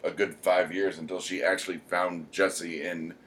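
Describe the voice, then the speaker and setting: Low-voiced man rambling through a casual chat. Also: level tone, a bit bright. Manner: rambling, many "um" pauses. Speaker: podcast co-host.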